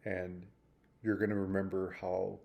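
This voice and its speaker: A man speaks in a low, mellow voice, reflecting on a mistake in a personal vlog. He thinks aloud in a rambling way, circling back and restarting his sentences as he searches for the point. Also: level tone, unhurried, creaky. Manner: thoughtful, rambling with restarts and fillers. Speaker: vlogger.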